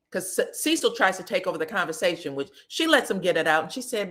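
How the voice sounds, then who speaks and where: A woman's voice: medium pitch, expressive, normal speed, sharp tone. A woman recapping a reality show in a casual, blunt, profane, mocking way.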